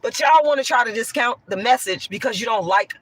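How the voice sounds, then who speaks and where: A woman with a hoarse voice, talking bluntly and profanely while answering chat on a livestream. She swings from a raised voice to soft talk. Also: on the high side, a little fast, dry recording. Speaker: online commentator.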